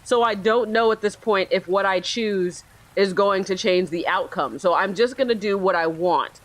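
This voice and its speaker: This woman, a gaming video host, has a mid-range voice and talks at normal speed. She plays a story game while giving casual let's-play commentary that's rambling, chatty, and self-aware.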